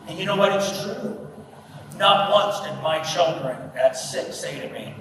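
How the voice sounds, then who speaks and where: High-voiced storytelling man in an echoey hall. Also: measured pace. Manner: storytelling, acts out quoted voices. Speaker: keynote speaker. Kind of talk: humorous conference talk with stories. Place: large event hall at a business breakfast. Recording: echoey hall from far off, with noise.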